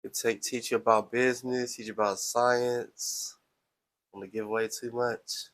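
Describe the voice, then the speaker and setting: A man's voice: mid-range voice, flat delivery, a little slow, a bit bright, rough recording. Playful, chatty man hosting a stream. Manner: playful, chatty, self-promoting. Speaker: live stream host. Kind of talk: casual live-stream monologue.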